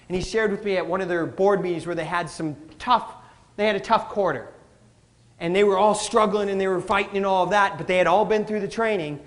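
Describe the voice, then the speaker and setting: A man giving a live motivational talk, animated, calling the audience folks and acting out what people say. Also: high voice, fairly quick. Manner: animated, addresses crowd as folks, acts out quotes. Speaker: motivational speaker.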